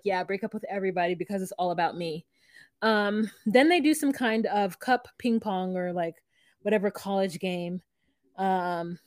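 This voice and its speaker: A woman's voice: a little high, no room sound, studio quality. A woman co-hosting a podcast, chatting casually and opinionatedly, acting out quotes as she recaps. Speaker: podcast co-host.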